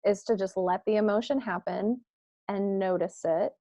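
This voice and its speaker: A woman hosting an interview, asking thoughtful, measured questions over a video call. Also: mid-range voice, steady tone, warm tone, no room sound. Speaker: host.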